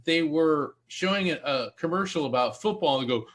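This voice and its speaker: A man doing a live psychic reading on a talk show, playful and animated. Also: fairly high pitch, brisk, hardly any pauses. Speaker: psychic medium.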